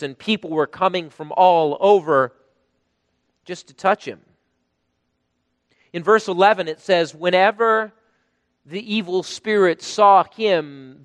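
A man preaching a sermon, emphatic, rising to loud bursts when he quotes. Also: high-pitched, dry recording, long reverb tail. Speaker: pastor.

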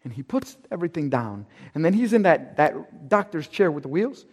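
A man telling a personal story with drama. He acts out dialogue and drops to hushed tones at tense moments. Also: fairly high pitch, very animated, moderate pace, slightly rough, in a large hall.

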